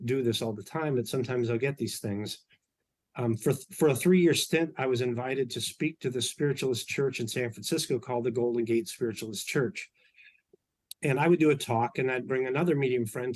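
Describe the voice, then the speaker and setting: A middle-aged man telling personal stories as an interview guest, relaxed and anecdotal with frequent fillers and restarts. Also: mid-range voice, fairly quick. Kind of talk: storytelling in an interview.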